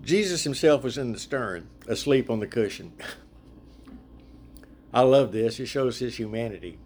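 A man leading a casual group Bible study, chatty and animated, laughing often as he retells the story. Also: mid-range voice, unhurried, a little hiss or hum.

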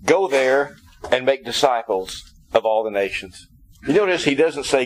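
A man's voice: medium pitch, lively intonation, a little fast, slight background noise, poor audio. A man preaching a Sunday sermon in a conversational way, explaining the meanings of Greek words. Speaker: pastor.

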